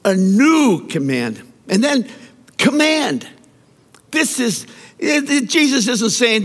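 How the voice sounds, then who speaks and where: Male pastor, high and very animated, mid-sermon storyteller; long hall reverb. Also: slow. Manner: animated storytelling preacher with repeated words.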